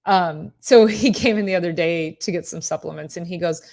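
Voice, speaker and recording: A woman's voice: lowish voice, brisk, creaky, darkish tone. A middle-aged woman hosting a casual live-stream chat as a chiropractor. She rambles, laughs often and talks straight to her viewers by name. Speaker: host, chiropractor.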